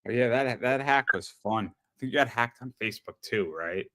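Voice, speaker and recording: A man's voice: medium pitch, moderate pace. Rambling, stammering male podcast host. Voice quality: rambling, animated storyteller with frequent stammered repeats. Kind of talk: casual chat.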